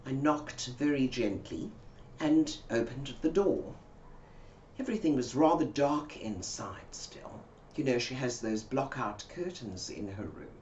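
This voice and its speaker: A woman telling an anecdote slowly and quietly, with dramatic pauses. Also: a bass voice, lively intonation, muffled recording, a little hiss or hum. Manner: slow and hushed, with dramatic pauses. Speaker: storyteller. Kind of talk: told anecdote.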